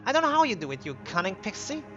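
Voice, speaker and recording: A man's voice: sits high, sing-song, fast, dull audio, music in the background. A man voicing a spoiled young sister in a game, sugary and teasing. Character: young, gushing, spiteful sister.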